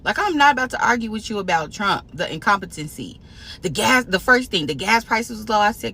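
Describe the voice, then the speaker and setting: Bright, lively woman telling a date story. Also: mid-range voice, brisk, vocal fry, slight background noise. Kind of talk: casual storytime.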